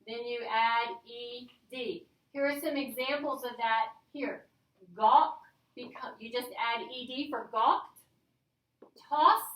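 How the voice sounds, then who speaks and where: A woman with a high, bright voice leads a grammar class. She speaks slowly and coaxingly, and keeps checking that the class is following. The sound is roomy and echoey, picked up from some distance. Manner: upbeat, coaxing, checks in with "all right?". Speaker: teacher.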